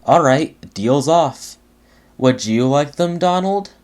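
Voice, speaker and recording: A man's voice: fairly high pitch, lively intonation, slow pace, darkish tone, voice pushed up. A man voicing a small, cheeky male tank engine who sounds innocent while scheming. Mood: sly.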